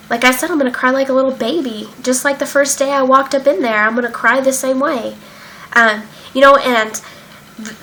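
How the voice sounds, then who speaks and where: In a rough recording with slight background noise, a young adult woman recounts her own recovery in a casual vlog. Her voice is a little high and sharp in tone. She's emotional and open, using many fillers and swearing now and then.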